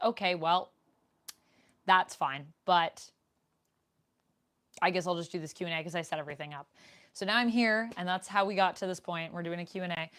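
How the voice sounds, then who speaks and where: A young woman with a slightly low voice hosts a relaxed live Q&A from a room at home. She talks into a desk microphone in a chatty way and reads her viewers' comments aloud. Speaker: streamer. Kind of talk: casual live Q&A chat.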